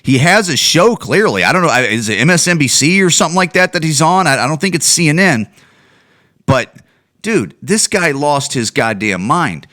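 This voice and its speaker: A man rants on his own podcast, talking into a home microphone. He swears often and keeps restarting his sentences. His voice sits slightly high and swings widely in pitch. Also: lively intonation, normal speed, sharp tone. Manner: heated, profane, with many restarts and repeated words. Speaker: podcast host. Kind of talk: ranting solo podcast commentary.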